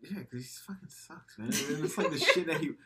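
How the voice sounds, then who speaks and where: A man's voice: fairly high pitch, a little fast, a crowd in the background. A young man co-hosting a casual movie chat, rambling and profane, acting out quotes. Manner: profane, rambling, animated storytelling with acted quotes. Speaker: podcast co-host.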